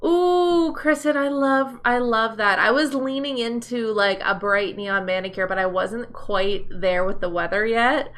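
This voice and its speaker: Upbeat woman host of a live nail stream, bright forward tone, friendly chatter. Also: mid-range voice, normal speed, hardly any pauses. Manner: upbeat, chatty, greets viewers by name. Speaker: nail tutorial livestream host. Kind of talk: casual live-stream chat and tutorial.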